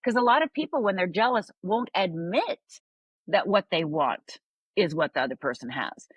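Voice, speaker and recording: A woman's voice: lowish voice, animated, moderate pace, breathy edge, dry recording, highs cut off. A woman coach on a podcast interview, telling a story animatedly and often adding "right?". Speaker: life coach guest.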